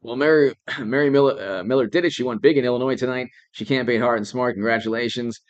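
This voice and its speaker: A man's voice: mid-range voice, fast talker, lo-fi sound. A man hosting a live political commentary stream, rambling, laughing often and thanking viewers by name.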